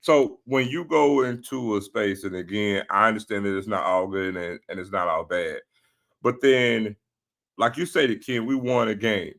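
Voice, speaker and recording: A man co-hosting a casual sports talk show, breaking in calmly and methodically to add context. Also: on the low side, creaky. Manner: measured, jumps in to add context.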